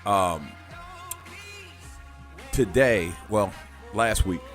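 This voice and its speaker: A man's voice: fairly low pitch, very slow, soft background music. A man hosting a talk radio show in a loose, joking, slangy way.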